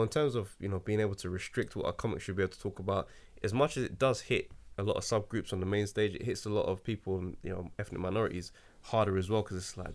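A man who works as a stand-up comedian, talking in an emphatic, slangy way in a casual chat. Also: fairly low pitch.

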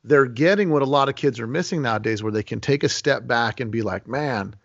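A man's voice: medium pitch, fast talker, creaky. Chatty man with muffled sound. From Las Vegas. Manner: animated storyteller, many restarts. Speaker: host. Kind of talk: casual podcast conversation. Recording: lo-fi muffled audio.

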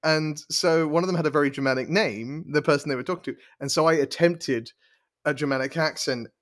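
A man's voice: on the high side, a little fast. A man in casual podcast chat, talking enthusiastically with frequent stumbles and restarts.

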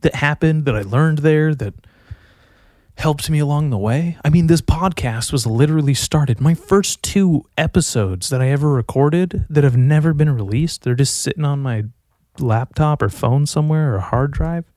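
A man's voice: on the high side, moderate pace, dark tone, dry recording. A man hosting his own podcast alone, talking in a rambling, profane, self-mocking way in casual chat. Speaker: podcast host. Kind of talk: casual solo podcast monologue. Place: at home with his dog.

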